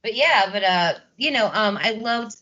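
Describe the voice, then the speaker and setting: A woman's voice: medium pitch, lively intonation, moderate pace, bright, forceful tone, highs cut off. A woman co-hosting a casual film podcast, swearing freely and acting out scenes as she talks. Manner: swears freely, acts out scenes with quoted voices. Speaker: podcast co-host. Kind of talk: casual film-discussion chat.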